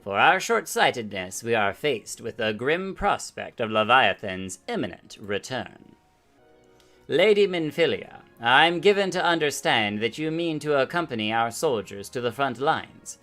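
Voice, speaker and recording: A man's voice: mid-range voice, big pitch swings, unhurried, pushed and bright, soft background music, heavily acted. A man reading out a stern, commanding woman admiral from a game, in a mock-formal tone. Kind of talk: reading game dialogue aloud.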